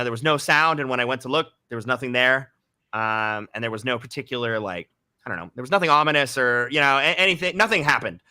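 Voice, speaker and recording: A man's voice: mid-range voice, bright, forceful tone, clear, resonant tone, no room sound, clean studio sound. A man being interviewed about his writing, talking casually with many fillers and restarts. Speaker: guest author.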